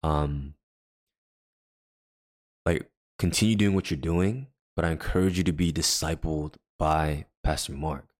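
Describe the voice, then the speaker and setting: A man's voice: a bass voice, unhurried. A man co-hosting a faith podcast, earnestly telling a personal story in casual chat and acting out what others said. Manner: earnest, acts out quoted dialogue. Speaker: podcast co-host.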